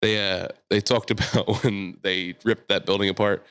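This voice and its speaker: A man's voice: on the low side, fairly even intonation, normal speed, a bit bright, smooth, dry recording. A man hosting a podcast, telling a story casually and laughing as he goes. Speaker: podcast host.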